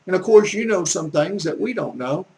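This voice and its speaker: A man's voice: sits high, expressive, moderate pace, a little mellow, a little hiss or hum, low-quality recording. An older man with a Southern US accent, telling folksy, earnest stories in a casual rambling monologue as a language teacher. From American South, Gulf Coast. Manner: folksy, earnest, preachy storytelling.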